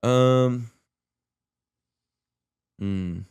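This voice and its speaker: A man co-hosting a casual podcast chat, relaxed and a little hesitant, laughing along. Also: medium pitch, extremely slow, clear, resonant tone. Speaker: podcast co-host.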